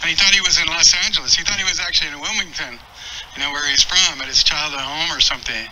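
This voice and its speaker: A man speaking at a memorial, reminiscing earnestly in a halting way with many restarts. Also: fairly high pitch, noisy background. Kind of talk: memorial tribute talk.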